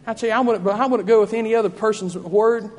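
A man's voice: high voice, steady tone, fast, in a large hall. A man preaching a sermon in a church, fervent and repetitive in his cadence.

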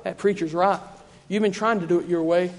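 Fervent high-voiced preacher in a hall. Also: male voice, steady tone, fairly quick. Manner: fervent, repetitive preaching cadence. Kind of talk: sermon. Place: church.

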